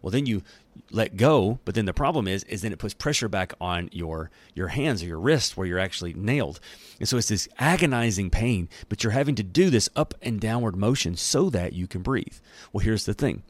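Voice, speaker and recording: A low-voiced man teaching a Bible chapter in a relaxed, conversational way, using folksy slang. The sound is dry and close. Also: normal speed, no room sound. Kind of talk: casual Bible teaching and reading.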